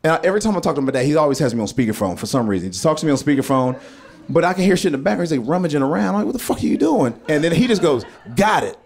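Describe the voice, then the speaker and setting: A man in his thirties telling a stand-up story on stage. He drops into hushed asides and bursts into loud, profane punchlines. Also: a little high, expressive, rapid-fire, hardly any pauses. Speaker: stand-up comedian. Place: comedy stage before a live audience.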